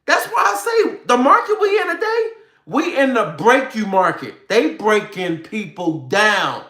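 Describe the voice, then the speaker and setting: A man's voice: high voice, a little slow. Fired-up profane man ranting. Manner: animated, profane, slangy, addresses viewers directly. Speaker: online commentator. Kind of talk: ranting talk to viewers. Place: home room with a computer. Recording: roomy echo.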